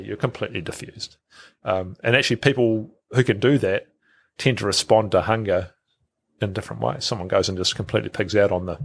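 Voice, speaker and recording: A man's voice: lowish voice, fairly even intonation, fairly quick, gravelly, breathy edge. A middle-aged man, a podcast guest who talks casually, repeats words and acts out quoted thoughts. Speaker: guest, health researcher.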